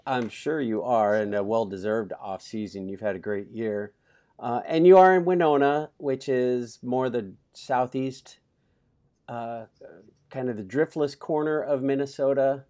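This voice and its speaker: A man's voice: mid-range voice, unhurried, a little mellow. A man hosting a podcast, chatty and enthusiastic, reading an ad and then chatting with a guest. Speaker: podcast host. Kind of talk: casual interview chat with ad read.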